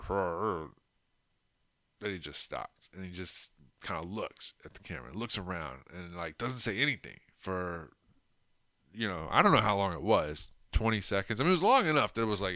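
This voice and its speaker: Rambling crude-talking podcast host. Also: male voice, sits low, sharp tone, no room sound, studio quality. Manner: rambling, crude, mocking, lots of fillers. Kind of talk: casual political commentary.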